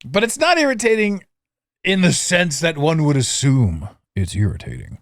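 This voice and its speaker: A middle-aged man hosting a solo podcast, chatting casually and mocking himself, with sudden loud bursts and low asides. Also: moderate pace, no room sound, studio quality. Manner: animated, swings between loud outbursts and low asides; self-mocking, laughs at himself. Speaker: podcast host. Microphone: studio mic, audio only.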